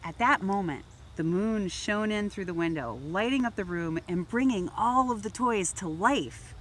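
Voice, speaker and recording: A woman reads a picture book aloud for children with a gentle storytelling manner. Her pitch swings widely as she narrates, and faint background hiss sits under her voice. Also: lively intonation, moderate pace. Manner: gentle storytelling, raising voice for toy characters. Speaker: volunteer reader.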